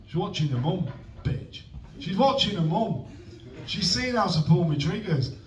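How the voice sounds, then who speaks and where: A man's voice: high-pitched, lively intonation, unhurried, dull audio. A young man doing a rambling, awkward, self-deprecating stand-up set at an open mic in a comedy club. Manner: self-deprecating, awkward, trailing off mid-joke. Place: comedy club stage with audience. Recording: roomy venue sound from a distant mic.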